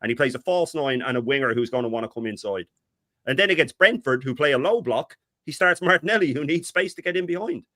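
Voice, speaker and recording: A man's voice: medium pitch, expressive, fast, pushed and bright, no echo, studio quality. Exasperated man ranting on a fan show. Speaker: co-host. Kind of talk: heated fan talk.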